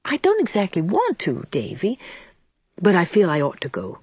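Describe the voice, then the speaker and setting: A woman reading aloud, voicing a warm, earnest young woman who coaxes gently. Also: lowish voice, wildly swooping pitch, moderate pace, husky, no echo, exaggerated voice. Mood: gentle.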